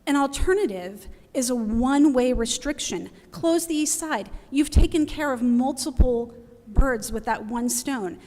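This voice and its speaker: Her voice is high and a little mellow, with lively intonation and an unhurried pace, as this middle-aged woman addresses the council. Near tears, she pleads with urgent emotion, her words echoing through a reverberant hall.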